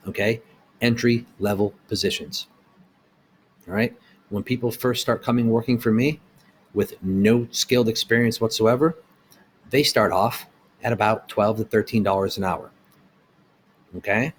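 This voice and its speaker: Man, middle-aged, lowish voice, heated, blunt, rhetorical questions, business owner ranting. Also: normal speed, long pauses, husky. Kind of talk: opinion rant to camera.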